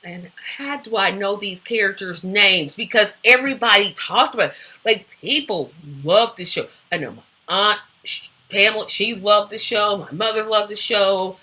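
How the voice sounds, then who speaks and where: A woman's voice: mid-range voice, normal speed, sharp tone. A woman hosting a casual solo talk show, opinionated and rambling with many fillers. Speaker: host.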